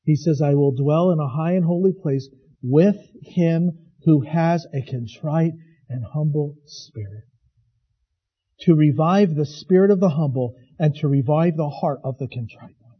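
A man preaching a sermon as pastor, swinging from hushed to loud. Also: on the high side, measured pace, slightly rough, highs cut off.

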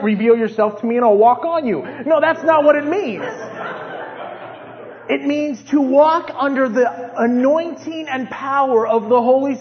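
A man with a strikingly high voice preaches an animated sermon. He sometimes acts out his own pleading prayers in a strained, even higher voice. The recording sounds dull and lo-fi. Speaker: pastor.

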